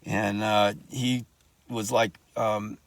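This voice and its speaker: A man's voice: on the low side, flat delivery, slow pace, no echo. A man telling a personal story in a rambling, profane way, often restarting his sentences.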